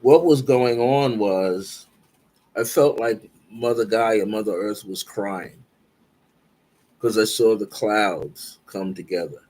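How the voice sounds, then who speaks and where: Slow, earnest man telling a spiritual dream. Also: fairly low pitch, a little mellow. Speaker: guest speaker. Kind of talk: spiritual storytelling.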